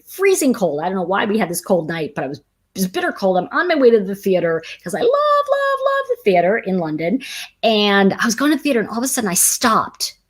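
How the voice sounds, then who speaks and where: A woman who teaches tarot chats casually on a livestream, telling animated stories that drift into tangents and answering viewer comments. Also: medium pitch.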